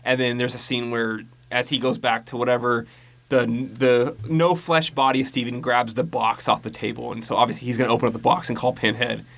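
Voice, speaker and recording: A man's voice: mid-range voice, level tone, brisk, creaky, a bit bright. A man casually recapping a horror movie on a podcast, rambling and profane, mocking the plot and mimicking lines. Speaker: podcast co-host.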